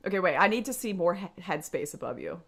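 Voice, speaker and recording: A woman's voice: on the low side, animated, fast talker, gravelly, fairly bright tone, slightly rough. A young woman hosting a casual livestream, chatting to her viewers and laughing often. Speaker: livestream host.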